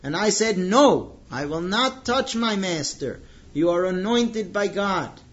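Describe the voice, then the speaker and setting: An earnest young king from scripture pleads with his master, his voice lifted high, as a man puts him on in a lesson. The sound is muffled and lo-fi. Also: expressive, takes it slowly. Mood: imploring.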